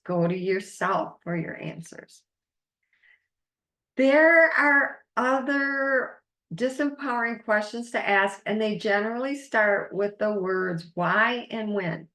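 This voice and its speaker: A woman coach gives a masterclass in a voice of ordinary middle pitch. She speaks earnestly and encouragingly as she guides her listeners. The room around her sounds echoey. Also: takes it slowly, a bit bright. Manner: earnest, encouraging, guiding the listener through exercises. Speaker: life coach.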